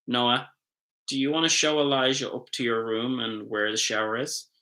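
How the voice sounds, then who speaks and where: Storybook mother, kindly and middle-aged, bright tone, read by a man, played plain. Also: mid-range voice, fairly even intonation, normal speed, close to an everyday voice. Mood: caring. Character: kind middle-aged mother, gentle and caring.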